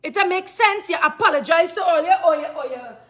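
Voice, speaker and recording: A woman's voice: extremely high pitch, animated, a little fast, a bit bright. A woman with a Trinidadian accent in an angry rant to camera, cursing and firing off repeated questions. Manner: furious, cursing, repetitive questioning.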